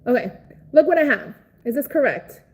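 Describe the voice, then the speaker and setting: Give me a chatty Cuban woman livestreaming, outspoken and profane, with a soft, warm tone. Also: high voice, big pitch swings, normal speed, a little hiss or hum, low-quality recording. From Cuba. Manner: chatty, reads and answers viewer comments. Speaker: livestream host. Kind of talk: casual livestream chat.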